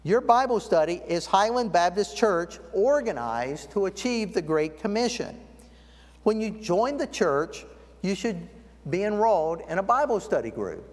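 Brief: male preacher, high voice, storytelling sermon, recorded in a church with a long reverb tail. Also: big pitch swings. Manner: storytelling, slows down to stress key words. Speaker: guest preacher. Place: church sanctuary.

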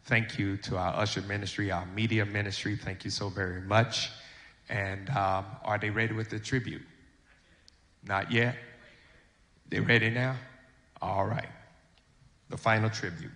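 Service leader at a funeral: low, flat, unhurried man with pauses; long church reverb. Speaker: church officiant.

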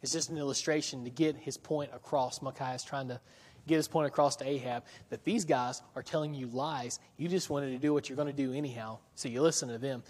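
A man's voice: mid-range voice, steady tone, a little fast, darkish tone. A man preaching a sermon, reading scripture aloud and acting out the biblical characters' lines, with frequent chuckles and questions to his listeners. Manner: conversational, asks the audience questions, chuckles often. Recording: long hall reverb.

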